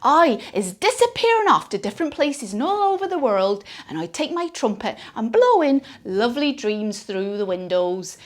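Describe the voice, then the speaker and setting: A woman voicing a big, kind male giant who speaks gently with muddled grammar in a children's story. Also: a little high, big pitch swings, moderate pace, few pauses. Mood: gentle.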